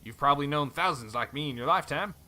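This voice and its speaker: Brief: man reading as a rough-hewn sellsword, cowboy drawl, bright, sly and folksy. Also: fairly high pitch, lively intonation, fast talker. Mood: reminiscing. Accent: put-on cowboy drawl. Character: rough friendly male mercenary, brawler.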